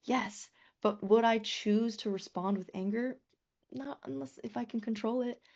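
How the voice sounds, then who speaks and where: A woman business coach teaching a live online class, earnest and lively, often swearing and acting out quoted messages. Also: a little high, a little slow, lo-fi sound.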